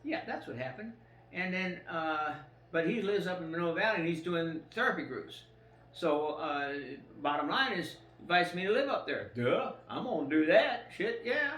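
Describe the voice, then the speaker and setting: A man's voice: a little high, animated, moderate pace, bright, forceful tone. Rambling, profane older man. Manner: rambling, profane, with many fillers. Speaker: storyteller. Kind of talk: rambling personal storytelling. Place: a room at home. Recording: roomy echo, faint ambience.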